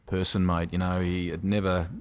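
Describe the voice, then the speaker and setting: A middle-aged Australian man, a motorsport commentator, telling animated stories in a casual podcast interview and often calling his host "mate". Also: low voice, moderate pace. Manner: animated anecdotes, often ends lines with "mate".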